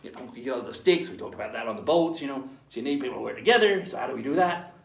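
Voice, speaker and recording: A man's voice: medium pitch, lively intonation, very fast, gravelly, roomy sound, recorded from a distance. A man, playing a pirate captain who teaches children in a playful online lesson, chatty and hearty, checking in with "right?" after each point.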